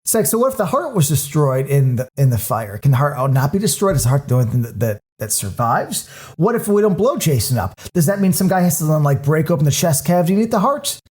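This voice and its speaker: A man's voice: a little high, fast talker, hardly any pauses. Ranting male podcast co-host. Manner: animated, ranting, many restarts. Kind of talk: casual chat.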